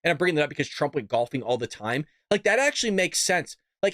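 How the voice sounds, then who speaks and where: A man's voice: sits high, fast, hardly any pauses, fairly bright tone, no echo, clean studio sound. A man hosting a political commentary show, ranting bluntly and cussing. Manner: blunt, fired-up, cusses. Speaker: host.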